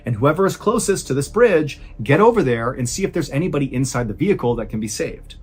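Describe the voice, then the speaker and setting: A man's voice: mid-range voice, sing-song, fast talker, husky. A man voicing a police dispatcher in a true story, giving urgent instructions over the radio.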